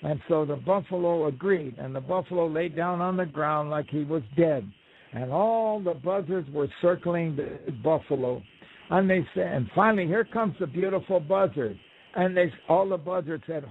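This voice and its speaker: Man, storyteller, slightly high voice, rambling asides, phone-line audio. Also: normal speed. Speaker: radio show guest. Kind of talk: telling a folk tale. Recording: tinny phone line on radio.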